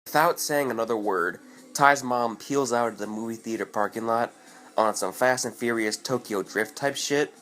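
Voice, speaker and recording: A man casually telling a personal story in a vlog, animated and profane, acting out what people said. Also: mid-range voice, moderate pace, soft background music. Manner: animated, profane, acts out quoted voices.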